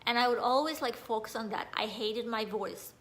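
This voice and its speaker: This mindset coach is a Russian woman speaking at a moderate pace in a fairly high, somewhat bright, slightly nasal voice. Her motivational talk on mindset is earnest, wandering, and full of fillers.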